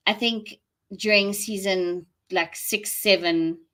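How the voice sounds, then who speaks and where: A woman's voice: medium pitch, steady tone, slow pace, fairly bright tone. A woman with a South African accent, chatting casually and rambling to viewers during a live stream, laughing often. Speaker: livestream host.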